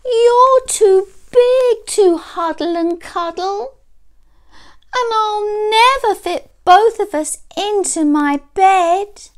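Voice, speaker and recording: A woman voicing a small excited boy in a children's storybook, with high squealing amazed cries. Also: drawn-out words, full character voice. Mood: dismayed.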